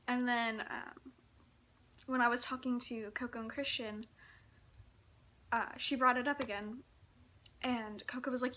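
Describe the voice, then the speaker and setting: A woman's voice: fairly high pitch, steady tone, measured pace, sharp tone, a little hiss or hum. A young woman from Texas telling a story in a chatty vlog, giggling often and saying "like" a lot. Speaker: vlogger.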